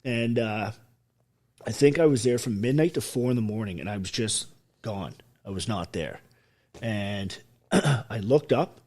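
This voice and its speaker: A husky Canadian man with a fairly low voice appears as a podcast guest, recounting his life story in raw, personal terms. He's an army veteran who never softens his words, speaking bluntly with hard swearing and driving intensity.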